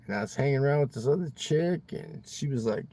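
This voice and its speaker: Chatting loosely with his viewers from inside his car, this man rambles and swears as a livestream host, often ending lines with "man." He talks at a quick pace in a warm, mid-range voice.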